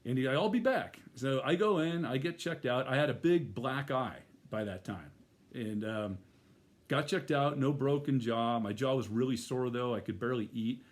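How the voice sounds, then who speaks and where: A man's voice: mid-range voice, moderate pace. Middle-aged man, casual storytelling, rambling, fillers and restarts. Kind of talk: first-person spoken storytelling.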